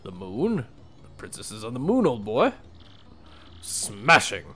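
A man's voice: mid-range voice, huge pitch swings, unhurried, sharp tone, heavily acted. A man voicing a posh, jolly older male sailor who uses old-fashioned phrasing. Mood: puzzled.

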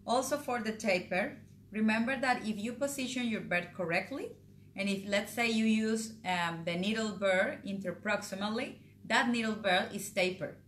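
A woman, a dentist, co-hosts a live teaching session and reads viewers' questions aloud. She jumps in quickly between points. Her voice carries room echo with faint noise behind it. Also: mid-range voice, a bit bright. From Colombia. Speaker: dentist and course co-host. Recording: echoey room.

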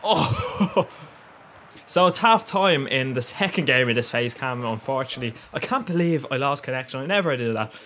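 A man's voice: medium pitch, moderate pace, slight background noise. Laughing, swearing young guy. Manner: swears a lot, laughs often, rambling and excitable. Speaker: gaming YouTuber. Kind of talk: gameplay commentary.

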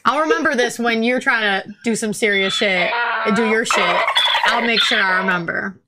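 A woman's voice: fairly high pitch, moderate pace, heavy background noise. A young woman co-hosting a casual podcast, reading news stories aloud with profane, teasing asides. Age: young adult. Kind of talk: casual chat.

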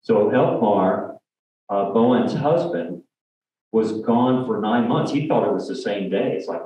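Slow, rambling man in an echoey hall. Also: lowish voice, slight background noise. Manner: rambling, many fillers and restarts, jokey asides. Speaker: lay speaker. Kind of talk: church presentation. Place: church hall. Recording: distant mic, echoey sanctuary, dull lo-fi sound.

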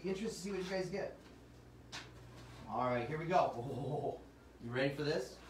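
A man's voice: fairly high pitch, expressive, normal speed, far from the mic, a little hiss or hum. A man hosting a livestream sales show, with upbeat salesman patter and chatting with his viewers. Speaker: host. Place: Arizona. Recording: roomy sound from off the mic.

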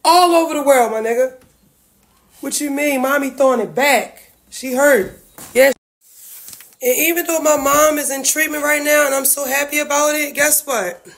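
A woman's voice: high-pitched, moderate pace, gravelly. A woman venting to her livestream viewers about family feuds, blunt, profane and heartfelt. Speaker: reality-TV family member livestreaming.

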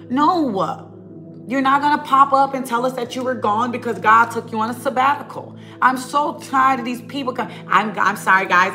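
A woman preaching to her online viewers in a fiery, scolding rant. Her voice is bright and sharp, and she hammers her points home through repetition. Faint music plays underneath her. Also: fairly high pitch. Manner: emphatic, scolding, repetitive, colloquial. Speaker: online prophetic minister.

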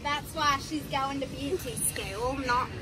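Joking young woman vlogger, high voice. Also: a little slow. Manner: joking, teasing; mock British accent at times. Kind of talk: casual chat.

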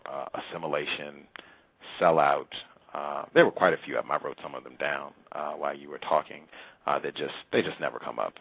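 A very deep, gravelly man with a husky edge runs a call-in show, laying out his points slowly and deliberately. His voice sounds dry and dull, as if from a lo-fi studio mic. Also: steady tone, no echo. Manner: deliberate, lecturing. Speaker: radio show host.

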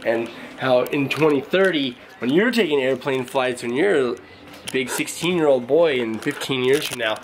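A man's voice: medium pitch, normal speed. A young man, a father, chatting casually to the camera in his family's kitchen for a home vlog, rambling through his thoughts in a talkative way. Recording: home video with background noise.

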